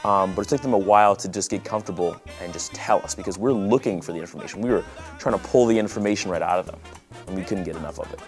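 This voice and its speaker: A male musician in a documentary interview, talking in a relaxed way and laughing easily. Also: low-pitched, fast talker, faint music behind.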